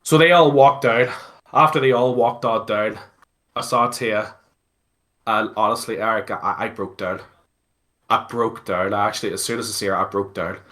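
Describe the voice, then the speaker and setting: A man with a Belfast accent, telling a story casually as an interview guest, animated and swearing freely between lots of fillers. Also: lowish voice, normal speed. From Northern Ireland.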